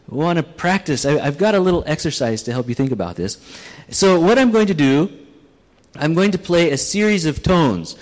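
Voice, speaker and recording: A man preaching a sermon to a live congregation, in a conversational, plain-spoken way with frequent restarts. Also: fairly high pitch. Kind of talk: sermon with audience exercise. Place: church hall with audience. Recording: long hall reverb.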